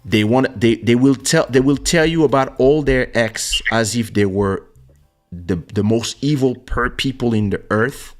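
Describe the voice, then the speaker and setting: With faint music in the background, a man talks a little slowly in a mid-range voice as he hosts his podcast. He casually recounts a personal story, acting out each quoted voice with animation; he is also a musician and uses a studio podcast microphone.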